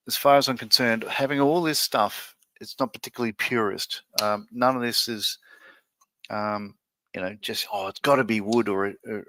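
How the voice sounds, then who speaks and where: A man's voice: fairly low pitch, pushed and bright, no room sound. A man hosting a live stream, musing aloud with many fillers and restarts as he works on a model. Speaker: livestream host building a model ship. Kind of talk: casual live-stream chat.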